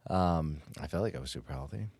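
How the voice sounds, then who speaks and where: A man co-hosting a podcast, talking casually in a relaxed, somewhat halting way with restarts. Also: very deep voice, creaky, slightly rough, dry recording, studio quality. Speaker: podcast co-host. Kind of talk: casual chat.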